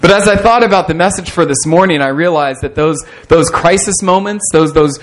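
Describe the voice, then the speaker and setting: A man's voice: on the high side, a little fast, a little hiss or hum, rough recording. A man preaching a sermon in a conversational, self-deprecating way, often restarting his sentences. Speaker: pastor.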